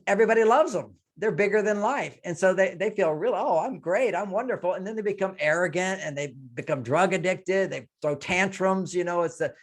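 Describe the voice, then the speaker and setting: Older man, slightly high voice, relationship advice, talks through quoted examples. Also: brisk, few pauses. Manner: explains with quoted example lines. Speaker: relationship author and guest. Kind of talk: conversational advice interview.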